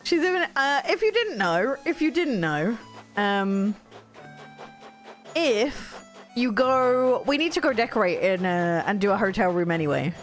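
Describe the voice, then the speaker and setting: A woman's voice: medium pitch, lively intonation, a little slow, soft background music. A woman chatting casually on a live game stream, reacting to viewers' comments. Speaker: streamer playing a video game.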